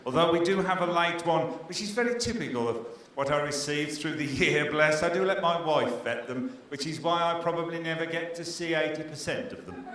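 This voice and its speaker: A middle-aged man comparing a stage competition, telling jokes with deadpan punchlines and teasing the live audience. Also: a little high, fairly quick. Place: stage in a pier theatre before a live audience.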